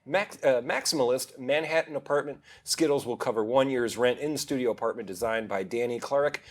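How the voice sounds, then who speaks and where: A man's voice: mid-range voice, fairly quick. A man co-hosting a TV entertainment show, reading news items and joking in casual chat. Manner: lively, joking. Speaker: TV entertainment co-host.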